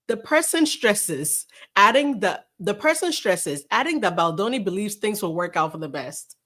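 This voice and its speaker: A woman's voice: medium pitch, very animated, moderate pace, hardly any pauses, a bit bright. Sarcastic woman streamer mocking celebrity news. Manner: sarcastic, incredulous, laughing often; reads article aloud mockingly. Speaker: livestream host. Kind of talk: casual commentary on celebrity news. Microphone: live stream camera setup.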